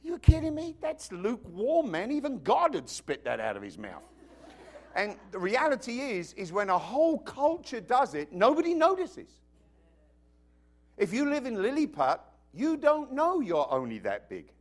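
A British man delivers a sermon in a high-pitched voice that swoops through a wide, lively range. He is emphatic, mixing jokes into his preaching, and keeps checking in with the congregation. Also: normal speed. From Britain. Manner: emphatic, joking, asks the congregation questions. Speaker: pastor.

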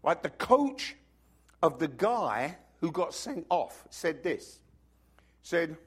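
Animated pastor preaching. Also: male voice, a little high, slow, breathy edge. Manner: animated storytelling, sudden swings from loud to hushed. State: has a cough. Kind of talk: sermon.

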